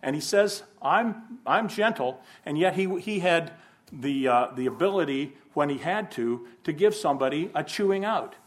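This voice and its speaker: A man's voice: a little high, lively intonation, normal speed. A man giving an informal Bible lesson, thinking aloud, asking rhetorical questions and adding folksy humor. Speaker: Bible class teacher.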